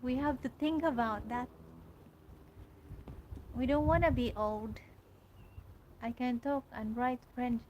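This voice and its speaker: Woman host, slow halting outdoor livestream chat, somewhat high voice, faint outdoor ambience. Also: warm tone, muffled recording, a little hiss or hum. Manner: chatty, halting, restarts often while reading comments aloud. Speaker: livestream host reading viewer comments. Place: garden outdoors.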